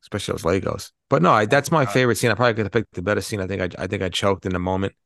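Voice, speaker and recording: A man's voice: on the low side, very fast, gravelly, fairly bright tone, no room sound, studio quality. A man co-hosting a podcast, chatting casually about a film, rambling and swearing freely. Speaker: podcast co-host. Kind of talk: casual movie-review chat.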